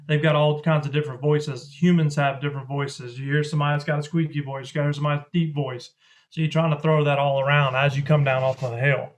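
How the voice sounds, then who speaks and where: Duck-call maker, folksy drawl, fairly high voice. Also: male voice. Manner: drawling, folksy, mimics duck sounds with his voice. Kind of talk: instructional explanation.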